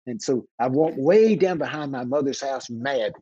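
Old guy, husky dark voice, spins a wild story, dull lo-fi sound. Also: mid-range voice, expressive, dry recording. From Texas. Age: 80s. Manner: dramatic storyteller who acts out voices, slows down for emphasis. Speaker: minister being interviewed. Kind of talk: animated personal storytelling.

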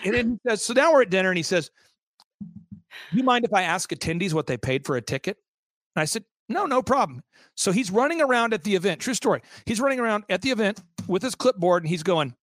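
High-voiced guy telling a story fast, does the voices of people he quotes, trips over words, dry close sound. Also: dry recording. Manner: animated, acts out quoted voices, frequent restarts. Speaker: interview guest, event organizer.

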